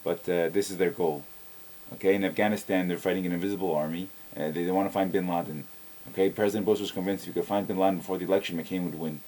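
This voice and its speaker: Fast-talking deep-voiced man, blunt. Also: fairly even intonation, mellow. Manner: blunt, opinionated, repeats words when starting sentences. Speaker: video blogger answering a viewer. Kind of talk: casual spoken video reply.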